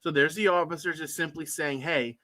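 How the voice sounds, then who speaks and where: A man's voice: fairly high pitch, fairly even intonation, brisk, very noisy. A man hosting a video reaction show, giving scornful, sarcastic commentary.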